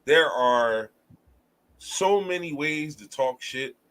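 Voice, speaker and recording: A man with a Philadelphia accent hosting a casual podcast chat, animated and joking, cursing freely. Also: fairly high pitch, slow, poor audio. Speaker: podcast host.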